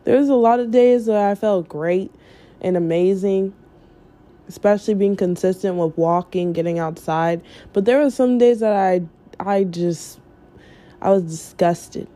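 Earnest woman with a mellow voice. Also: mid-range voice, unhurried. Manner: earnest, repeats phrases for emphasis, laughs often. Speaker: vlogger. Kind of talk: casual motivational talk to camera.

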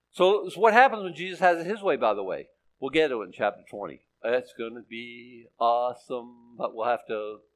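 A man in his sixties, a pastor preaching a sermon, emphatic and animated, reading scripture and making sarcastic asides. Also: mid-range voice. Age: 60s. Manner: reads scripture aloud in older English.

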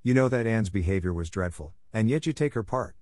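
A man's voice: on the low side, lively intonation, fairly quick, darkish tone, no echo, natural voice. A man reading as a stern, dry-witted woman guardian. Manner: severe and dry. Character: stern, strict middle-aged woman guardian.

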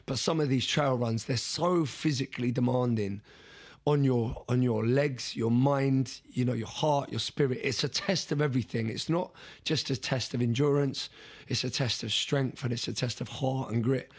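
A man telling a story as an interview guest, in a casual, animated way, repeating words and restarting sentences. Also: medium pitch, moderate pace.

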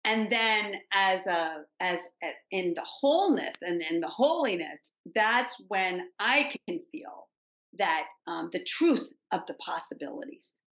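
An older woman, a grandmother, talking as a guest in a reflective, halting way with frequent restarts. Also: mid-range voice, animated, a bit bright, reverberant, rough recording. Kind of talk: casual spiritual conversation.

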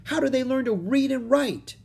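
A man's voice: extremely high pitch, moderate pace, creaky, darkish tone, husky, voice pushed up, heavily acted. A man voicing an outspoken young girl in a children's storybook reading, eager and indignant.

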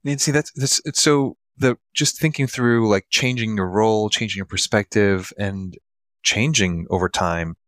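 A man hosting an interview, asking his questions in a halting way as he searches for words. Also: fairly low pitch, fairly bright tone, no echo. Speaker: interview host.

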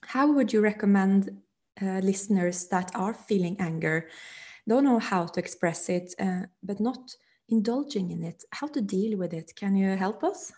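A woman hosts a podcast conversation and asks long, hesitant questions that wander through many fillers. Her voice is mellow and soft-edged at a middle pitch. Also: moderate pace. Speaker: podcast host.

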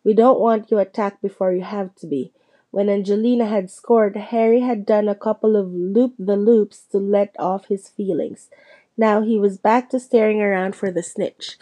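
A woman narrating a storybook, reading it aloud and lifting her voice for the characters' lines. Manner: lively, shifts pitch for quoted characters. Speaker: audiobook reader.

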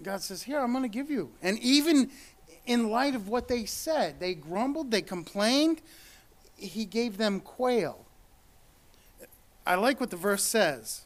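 A man with a high voice preaches earnestly, reading scripture aloud between his own remarks. He repeats words as he goes and climbs higher when he presses a point. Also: expressive, slow, pauses often.

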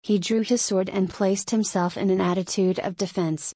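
A woman reading a story aloud as an audiobook narrator, in an even, measured way into a close mic. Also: mid-range voice, husky, no room sound. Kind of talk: scripted narration.

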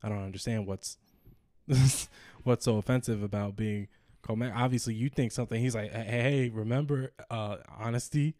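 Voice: mid-range voice, fairly even intonation, moderate pace, mellow, dry recording, studio quality. A podcast co-host in casual chat, laughing and quoting scenes in mock voices. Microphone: studio mic.

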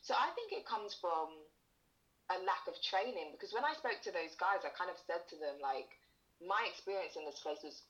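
A woman's voice: on the low side, lively intonation, normal speed, fairly bright tone, lo-fi sound. A young woman speaking candidly in a casual conversation, acting out the lines of people she talks about. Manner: candid storytelling with reenacted quotes. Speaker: guest.

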